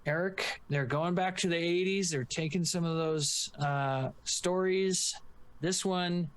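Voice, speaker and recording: A man's voice: fairly high pitch, slow pace, clear, resonant tone. Chatty man co-hosting a podcast. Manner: rambling, joking, lots of fillers and restarts. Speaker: podcast co-host. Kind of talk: casual podcast chat.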